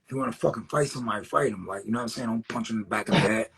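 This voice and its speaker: Racing along in a fairly low voice with vocal fry, a fairly bright tone and a breathy edge, a man who writes graffiti shares street tales in a relaxed interview. His talk is loose, streetwise and full of profanity, dotted with "you know what I'm saying."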